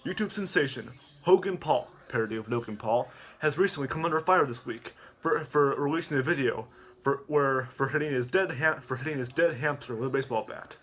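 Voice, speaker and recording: A man voicing a stiff adult male TV news reporter in a halting newsreader way. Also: mid-range voice, a bit bright, close to an everyday voice. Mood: reporting.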